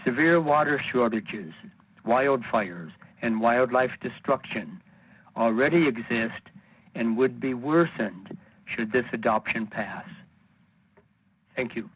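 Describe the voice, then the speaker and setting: A man's voice: medium pitch, slightly rough. Older male caller from Northern California, formal, reads a prepared statement over a tinny phone line. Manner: formal and measured. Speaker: caller giving public comment.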